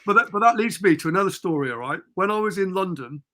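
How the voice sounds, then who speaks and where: A Cornish man tells a long, rambling story on a podcast, slipping in little acted-out quotes. His voice sits a bit high and comes across bright and forceful. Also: lively intonation, fast. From Cornwall. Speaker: podcast guest. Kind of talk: casual storytelling.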